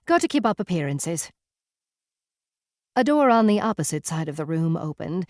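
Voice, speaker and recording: A woman's voice: mid-range voice, darkish tone, no echo, clean studio sound. A woman narrating a first-person novel in a wry, conversational manner. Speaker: audiobook narrator.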